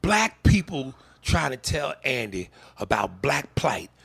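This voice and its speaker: Gravelly, animated male podcast host. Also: mid-range voice, takes it slowly, no room sound. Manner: profane, animated, mocking. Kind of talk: casual comedic chat.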